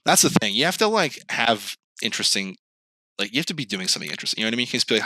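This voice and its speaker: A young man hosting a podcast in casual chat, telling animated stories, swearing freely and acting out quoted voices in a higher pitch. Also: very fast, no echo. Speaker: podcast host.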